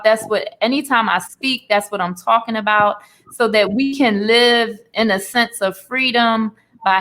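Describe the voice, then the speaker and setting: A woman's voice: medium pitch, a bit bright. A woman in her forties, an interview guest and author, giving an earnest, emotional personal testimony laced with faith.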